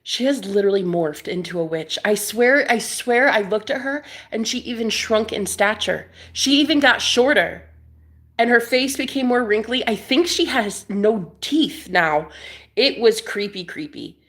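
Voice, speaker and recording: A woman's voice: fairly high pitch, measured pace. A young woman chatting casually to camera as she tells a story, acting out the people in it, laughing often and dropping to whispers. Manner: animated, laughing, acts out quoted voices, drops to whispers. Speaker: vlogger. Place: Airbnb room indoors.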